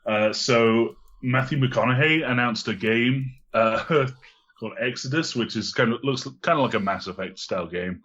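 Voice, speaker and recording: Man, podcast co-host, relaxed hesitant chat, husky voice, dull lo-fi sound. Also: medium pitch, moderate pace. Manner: relaxed, hesitant, many fillers. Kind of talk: casual chat about video game news.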